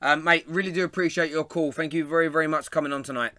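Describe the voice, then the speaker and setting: A chatty young London man hosts a live fan show, laughing as he reads viewers' comments. His voice is bright and a little high, recorded close and dry. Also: fairly even intonation, very fast, no echo. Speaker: host.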